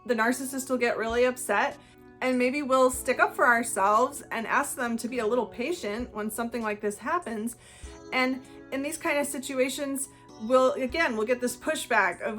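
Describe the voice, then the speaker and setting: A woman's voice: high voice, a bit bright. A woman talking earnestly and conversationally to her viewers, explaining things in a solo video. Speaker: channel host. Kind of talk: explanatory solo talk to camera.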